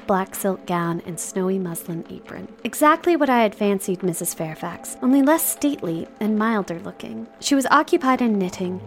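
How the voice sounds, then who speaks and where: A woman reading a classic novel aloud on a podcast, breaking off for jokey, self-mocking asides. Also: mid-range voice. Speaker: podcast co-host.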